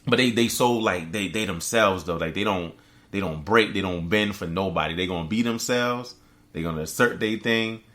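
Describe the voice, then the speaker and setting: Bright-voiced man telling animated stories. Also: moderate pace. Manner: animated storyteller, acts out quotes in a high voice. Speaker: podcast co-host. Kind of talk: casual chat.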